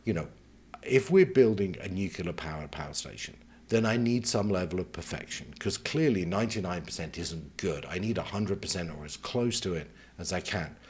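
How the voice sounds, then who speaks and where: A man speaking as a career mentor, giving advice in a measured, conversational way and taking his points one at a time. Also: low voice, lively intonation, breathy edge.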